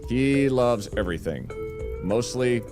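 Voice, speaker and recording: Male game streamer, lively swooping pitch, chatty live commentary, faint music behind. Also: a little slow. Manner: chatty, greets viewers and talks to his cat.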